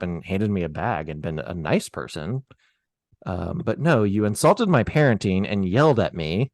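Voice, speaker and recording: A man telling a story on a podcast in a casual, animated, profane way. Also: on the low side, normal speed, no room sound.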